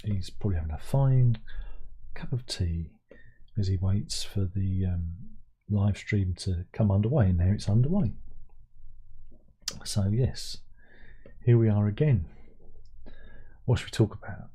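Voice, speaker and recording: Older British man, livestream host, casual rambling chat, dark and slightly husky tone. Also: fairly low pitch, expressive, measured pace, long pauses. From Britain. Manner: rambling, chatty, self-mocking asides.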